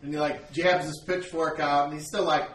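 Man, game master, high animated voice, casual narration, echoey room, distant mic. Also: normal speed. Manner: animated, lots of "like" fillers.

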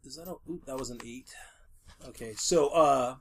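A man's voice: mid-range voice, moderate pace, a bit bright, a little hiss or hum. A man playing a tabletop game, talking in hesitant, trailing sentences with lots of fillers. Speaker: player.

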